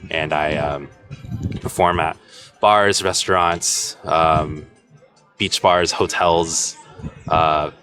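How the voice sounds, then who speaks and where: A man's voice: rumbling low, fairly even intonation, extremely slow, long pauses, sharp tone, soft background music. A young man, a musician guest, chatting casually and easygoingly with frequent fillers and laughter. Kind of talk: casual conversation.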